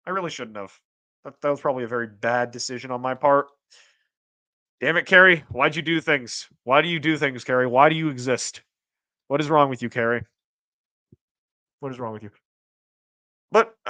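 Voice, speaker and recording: A man's voice: a little high, sharp tone, poor audio. Rambling, profane young male streamer. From United States. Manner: rambling, profane, bantering with chat. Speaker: streamer host. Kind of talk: casual livestream talk.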